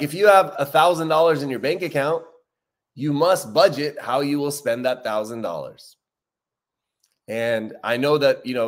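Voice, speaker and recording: A man hosting a recovery livestream in a relaxed, conversational way. He often repeats his key points for emphasis and slows down on important lines. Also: mid-range voice. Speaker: recovery talk host. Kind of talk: casual livestream talk.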